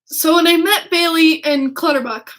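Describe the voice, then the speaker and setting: A woman hosting a podcast, telling a story in a gushing, excitable way, laughing a lot and swearing freely. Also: very high-pitched, moderate pace. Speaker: podcast host. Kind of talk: casual storytelling chat.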